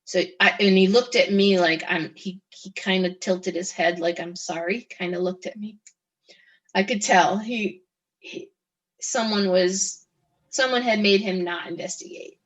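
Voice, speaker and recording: A middle-aged woman telling her own story as an interview guest, halting, with frequent restarts and pauses. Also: medium pitch, steady tone, muffled recording. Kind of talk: personal testimony in conversation.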